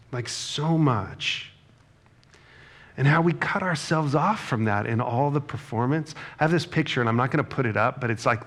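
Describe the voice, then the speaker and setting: A man's voice: mid-range voice, a bit bright. A middle-aged male pastor preaching a sermon in a conversational, self-deprecating storytelling manner, often checking in with the congregation. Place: church sanctuary.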